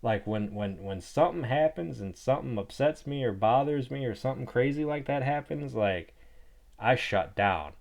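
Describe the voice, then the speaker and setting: A man's voice: medium pitch, expressive, normal speed, vocal fry, a little mellow. A young man hosting his own podcast, telling a personal story in a loose, rambling way and saying "like" constantly. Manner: rambling, heavy use of "like". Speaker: podcast host. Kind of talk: casual storytelling.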